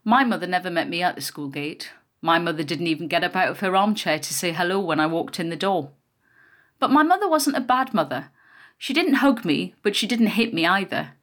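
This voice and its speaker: A woman narrating a first-person memoir in a quiet, measured storytelling voice. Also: on the low side, lively intonation.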